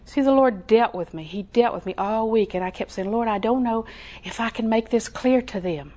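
Animated storytelling woman preacher, slightly high. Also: moderate pace. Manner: animated storyteller who acts out voices and drops to whispers; homespun, laughing asides. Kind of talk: conversational sermon.

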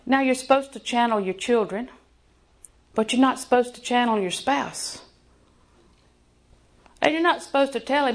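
Gravelly older woman preaching with humor. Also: fairly high pitch, moderate pace, long pauses. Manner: folksy and joking, drops to a hushed voice for emphasis. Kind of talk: sermon.

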